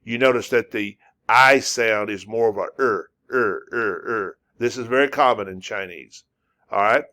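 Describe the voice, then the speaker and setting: A man with a lowish, sharp-toned voice leads a language lesson at a moderate pace. He's patient, repeating the same words and sounds over and over in a slow, repetitive way.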